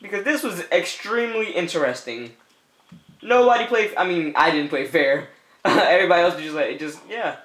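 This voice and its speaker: A man's voice: high-pitched, animated, normal speed, fairly bright tone, echoey room. A man giving playful let's-play commentary, teasing the other players and often breaking into laughter with goofy repeated calls. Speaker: gameplay commentator.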